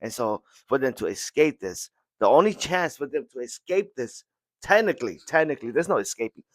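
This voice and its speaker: Excited guy recapping a comic chapter, keeps repeating himself, dry close mic. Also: medium pitch, fairly quick, no echo. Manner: excitable, repeats words, acts out lines. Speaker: podcast host.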